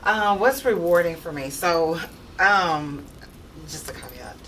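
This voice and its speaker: A woman's voice: lowish voice, lively intonation, slow pace, fairly bright tone. A middle-aged woman, a longtime teacher who also models, chatting and laughing on a panel. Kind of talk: casual panel chat. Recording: distant mic, light room noise.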